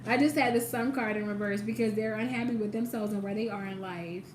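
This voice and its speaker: A woman's voice: medium pitch, steady tone, fairly quick, echoey room, noisy background. A woman doing a casual tarot reading, talking straight to the viewer with emphasis and casual swearing. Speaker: tarot reader.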